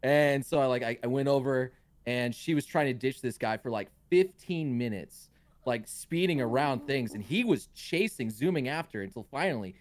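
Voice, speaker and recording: A man's voice: mid-range voice, lively intonation, normal speed, dry recording. A man on a voice call telling a story in a rambling, hesitant way. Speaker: guest in a group chat. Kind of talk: casual group chat.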